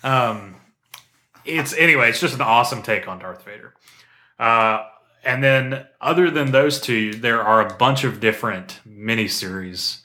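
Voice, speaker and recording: A man's voice: mid-range voice, a little slow, pushed and bright. A man co-hosting a podcast, chatting casually and enthusiastically with plenty of fillers and restarts. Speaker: podcast co-host. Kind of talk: casual chat.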